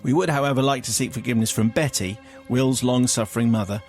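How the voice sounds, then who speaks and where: A man hosting a radio show, reading a listener's confession letter aloud in a dry, measured way. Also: medium pitch, a little mellow, soft background music. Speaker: radio host. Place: radio studio.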